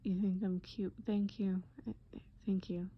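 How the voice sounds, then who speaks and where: A woman voicing a young man gently soothing his dazed girlfriend in a whispered role-play, soft and affectionate, full of pet names. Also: medium pitch, flat delivery, normal speed, slightly rough, close to an everyday voice. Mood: tender. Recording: dull lo-fi recording.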